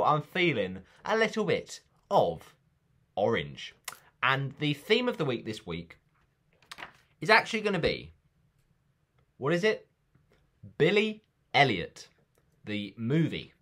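A man's voice: mid-range voice, a bit bright. A man chatting casually in a football predictions vlog, rambling and teasing himself.

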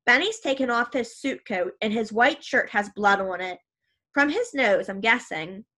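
A woman reads a first-person audiobook with a fairly high voice. Her storytelling is even and steady. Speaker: audiobook narrator.

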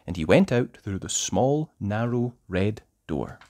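A storyteller reading a children's picture book aloud in an expressive, sing-song way. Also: mid-range voice, unhurried, no echo.

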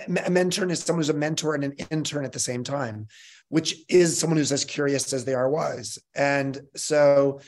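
Upbeat laughing male host. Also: fairly high pitch. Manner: upbeat, laughs often, brisk announcements. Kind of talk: live online fireside chat.

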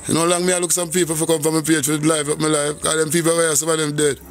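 A man's voice: a little high, little pitch movement, fast talker, faint music behind. Jamaican man humming on a live stream. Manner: shouts out viewers, hums and scats between lines. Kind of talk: casual live stream chat.

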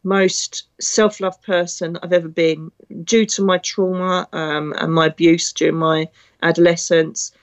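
A woman's voice: lowish voice, steady tone, measured pace, lo-fi sound. A middle-aged woman, a psychic medium, telling a spiritual story in a blunt, chatty, emotional way. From Britain. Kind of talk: casual spiritual talk.

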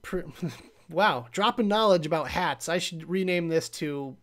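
A man's voice: fairly high pitch, measured pace. A man hosting a casual live stream, rambling and chatty as he opens packages and answers viewers in chat. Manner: chatty and rambling, reacts to chat, trails off and restarts. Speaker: host of a live vape review show.

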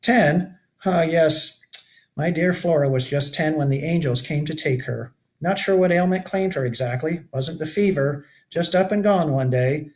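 A man's voice: a little high, voice pushed up, close to an everyday voice. A man reading aloud and voicing a weary, rugged older male keeper of a shipwreck shelter who talks in a folksy, lamenting way. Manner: folksy backwoods grammar, lamenting.

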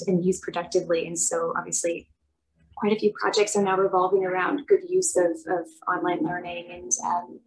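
Low, husky woman speaking flatly. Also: poor audio. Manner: measured, thoughtful, with some fillers. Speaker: webinar participant reporting back. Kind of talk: casual spoken group report. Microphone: video call.

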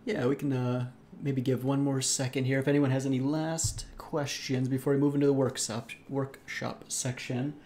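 Casting note: relaxed stream co-host, dark warm voice, faint hiss behind. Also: male voice, medium pitch, moderate pace, few pauses. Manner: loose, filler-heavy announcements. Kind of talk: casual stream hosting.

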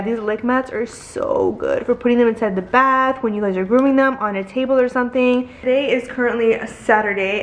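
A woman chatting casually in a home vlog about her puppy, slipping into high baby talk when she speaks to her dog. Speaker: vlogger, dog owner. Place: home living room. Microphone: handheld camera. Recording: roomy echo.

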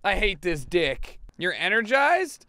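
Bright-voiced excitable young man gaming. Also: sits high, takes it slowly. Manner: profane, excitable, yells at the game. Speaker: gaming YouTuber. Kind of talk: casual gameplay commentary.

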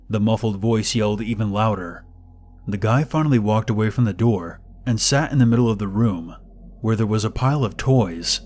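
A man narrating a horror story in a measured, deliberate way. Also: fairly low pitch, darkish tone, faint music behind.

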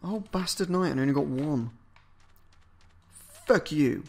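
A man's voice: a little high, animated, unhurried, vocal fry. Foul-mouthed man narrating his gameplay. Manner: swears a lot, mutters and yells at game enemies. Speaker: video game let's-player. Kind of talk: casual gameplay commentary.

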